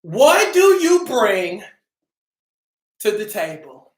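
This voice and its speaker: A woman hosting a casual live stream, upbeat and greeting her viewers by name, sometimes calling out loudly. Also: mid-range voice, sing-song, slow. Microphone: camera mic. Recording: roomy echo.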